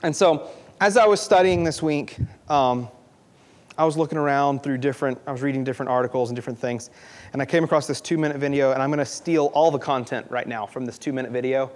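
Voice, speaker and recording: A man's voice: medium pitch, fast talker. A young man preaching a sermon in an earnest, conversational way, often repeating himself for emphasis.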